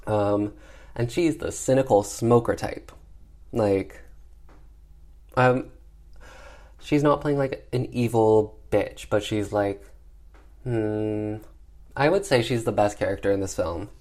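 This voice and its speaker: A man's voice: fairly low pitch, darkish tone. A man giving a casual, sassy recap of a horror film, chatty and peppered with filler words. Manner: acts out characters' lines in quick voices. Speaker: film reviewer.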